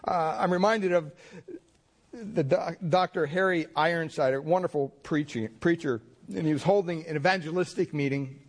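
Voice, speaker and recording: A man's voice: fairly high pitch, moderate pace. A male pastor preaching a sermon, telling stories in a folksy, rambling way. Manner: folksy storytelling with fillers.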